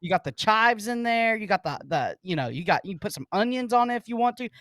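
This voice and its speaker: A man's voice: high-pitched, animated, fast talker, a bit bright, no room sound, studio quality. Rambling man on a sports panel. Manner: rambling, food comparisons, restarts. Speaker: co-host. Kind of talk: casual sports talk.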